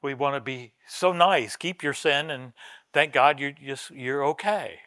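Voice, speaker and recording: A man preaching a sermon as pastor, telling a story with swings from soft asides to loud emphatic lines. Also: mid-range voice, unhurried, no room sound, clean studio sound. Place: church sanctuary.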